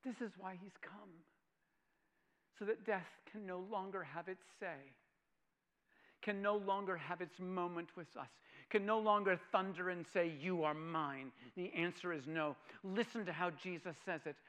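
High, bright-voiced man preaching a sermon. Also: measured pace. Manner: dramatic swings from loud proclamation to hushed near-whisper; repeats phrases for emphasis and asks the audience questions.

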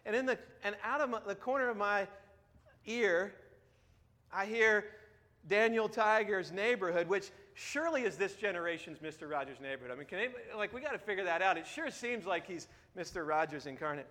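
A man in his thirties preaching a sermon as pastor, earnest, dropping to a hush and then rising with emphasis. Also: high-pitched, animated, a little fast. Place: church sanctuary. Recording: long reverb of a large hall.

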